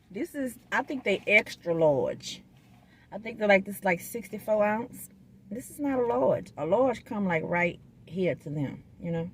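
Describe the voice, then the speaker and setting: Slow-talking woman, chatty vlogger. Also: mid-range voice, animated, slightly rough. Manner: chatty, folksy, talks straight to viewers. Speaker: food vlogger. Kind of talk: casual vlog chat while eating. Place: parked car in a restaurant parking lot.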